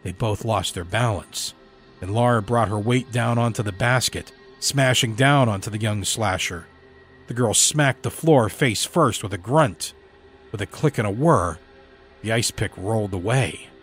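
A man reading a horror story aloud in a measured, dramatic storytelling delivery. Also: lowish voice. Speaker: story narrator. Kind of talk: scripted horror narration.

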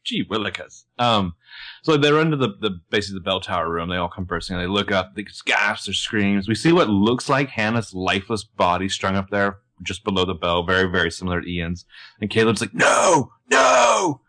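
A man co-hosting a podcast, recapping a TV episode in casual chat and acting out the characters' lines with bursts of shouting. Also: fairly quick. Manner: animated, acts out characters' lines in shouts and high voices. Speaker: podcast co-host.

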